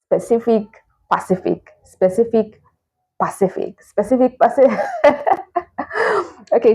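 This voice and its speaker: A woman's voice: on the low side, dark tone, poor audio. A woman teaching English pronunciation in a casual spoken lesson, encouraging and repetitive, often checking in with "all right?".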